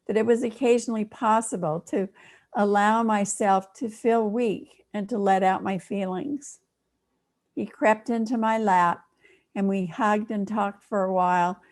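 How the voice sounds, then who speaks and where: Older woman minister, sermon storyteller, mid-pitched, expressive pauses.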